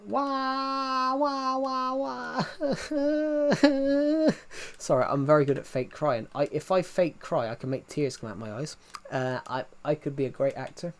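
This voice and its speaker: A man's voice: medium pitch, a little fast, hardly any pauses. A young man live streaming and chatting with viewers in a rambling, jokey way, with a thick accent and lots of restarts. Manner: rambling, with many restarts and false starts; self-deprecating and jokey. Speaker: livestreamer. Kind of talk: casual livestream chat answering viewers.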